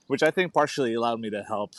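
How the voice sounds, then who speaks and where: A man's voice: medium pitch, quick pace, no room sound. A man from the Netherlands answering interview questions casually, hesitant and laid-back, with many fillers and restarts. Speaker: guest.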